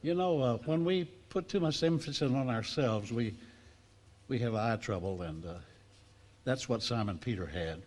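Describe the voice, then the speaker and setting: Here a man delivers a sermon to a class at a normal speed, his pitch medium. Lively and story-driven, he acts out the voices of the people he quotes.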